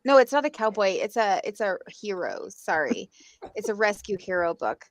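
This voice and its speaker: A woman's voice: mid-range voice, lively intonation, moderate pace, no echo. A woman co-hosting a podcast, chatting casually and rambling with restarts. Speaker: podcast co-host. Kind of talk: casual chat.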